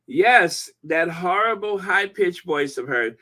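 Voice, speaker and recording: A man hosting a live-stream commentary, reading viewer comments aloud in an animated, gossipy way. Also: high-pitched, a little slow. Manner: animated and gossipy, breaking into laughter. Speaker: channel host.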